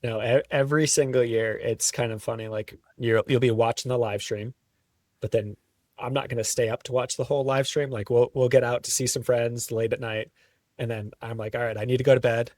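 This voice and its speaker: A man's voice: medium pitch, fairly even intonation, moderate pace, a little mellow, recorded from a distance. A man talking as a podcast guest, telling stories in an easygoing way and laughing often. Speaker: guest, trail runner. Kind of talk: casual interview chat.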